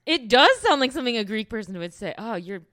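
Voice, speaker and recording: A woman's voice: a little high, expressive, fast, fairly bright tone, dry recording, studio quality. A woman hosting a podcast in casual conversation, chatty and often laughing. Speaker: podcast host. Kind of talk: casual chat.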